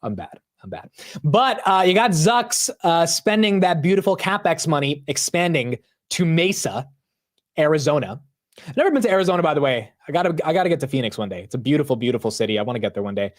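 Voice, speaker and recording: A man hosting a live market stream, talking loudly and animatedly in casual commentary, often poking fun at himself. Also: fairly high pitch, fast talker. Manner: loud, animated, self-mocking. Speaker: livestream market show host.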